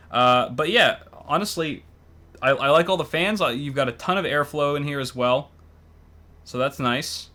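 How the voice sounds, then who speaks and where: A man's voice: mid-range voice, fairly bright tone. Give me an easygoing man hosting, chatting casually with plenty of fillers. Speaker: host. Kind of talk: casual commentary reviewing builds.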